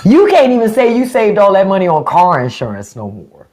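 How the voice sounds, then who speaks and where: Blunt, mocking livestream host with a lively voice. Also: male voice, high-pitched, brisk. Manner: blunt, mocking, profane, talks back to chat comments. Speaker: podcast host on a live stream. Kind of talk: unfiltered political rant to live chat.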